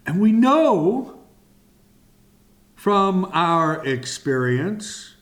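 Male Bible teacher, slightly high voice, extremely slow and deliberate delivery. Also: big pitch swings, a bit bright. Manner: very slow, drawn-out phrasing with long pauses.

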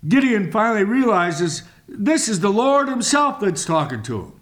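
A man's voice: high-pitched, big pitch swings, a bit bright. A man preaching a sermon, reading scripture aloud and explaining it with dramatic emphasis, at times dropping to a whisper. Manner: slow and deliberate.

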